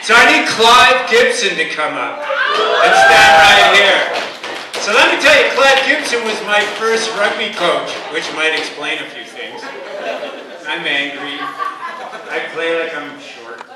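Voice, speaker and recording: A man's voice: sits high, sing-song, unhurried, very noisy. A man of fifty, emceeing a club banquet with a rambling, crude, jokey comic speech. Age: 50s. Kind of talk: comic after-dinner speech. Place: large banquet hall. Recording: echoey hall, distant mic, loud crowd.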